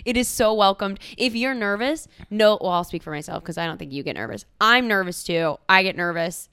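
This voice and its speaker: A woman co-hosting a casual podcast chat, bubbly and quick to laugh, with self-deprecating asides. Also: mid-range voice, bright, forceful tone, clear, resonant tone, no echo, studio quality. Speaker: podcast co-host.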